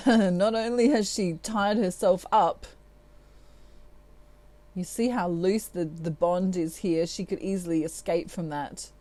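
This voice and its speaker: Slow, mellow-voiced woman tarot reader. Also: lowish voice, fairly even intonation, no echo. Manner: laughs often, acts out quotes. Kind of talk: tarot reading monologue.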